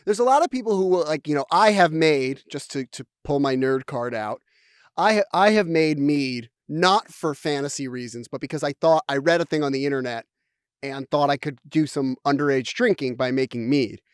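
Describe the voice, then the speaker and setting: A man's voice: on the high side, moderate pace, clear, resonant tone, no room sound, studio quality. A man co-hosting a podcast in casual comedic chat. He riffs freely and swears a lot. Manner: riffing, jokey, swearing freely. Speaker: podcast co-host.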